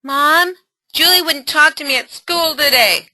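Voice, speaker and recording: A woman's voice: high-pitched, a little slow, bright, forceful tone, no room sound, voice pushed up, exaggerated voice. A woman voicing an upset teenage girl who sounds whiny and pleading in a parenting role play. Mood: hurt.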